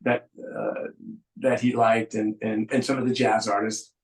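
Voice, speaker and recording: A man's voice: lowish voice, a little slow, vocal fry, echoey room, poor audio. A middle-aged man from San Francisco, a musician guest, chatting casually with a dry sense of humor and plenty of ums. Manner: relaxed storyteller, dry humor, frequent ums. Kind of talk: casual interview chat.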